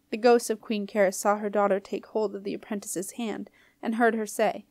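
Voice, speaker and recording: Female audiobook reader, expressive storytelling, mid pitch, very dry sound. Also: normal speed, dry recording. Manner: clear, expressive reading. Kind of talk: storybook narration.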